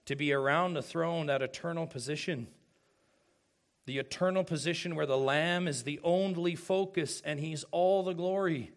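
A man preaching a sermon as pastor, slow and emphatic, swinging from hushed asides to loud calls and asking rhetorical questions. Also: on the high side, fairly even intonation.

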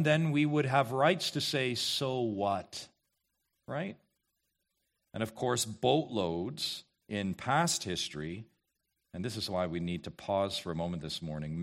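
A male pastor preaching an expository sermon, emphatic and questioning, repeating key phrases to the congregation. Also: mid-range voice.

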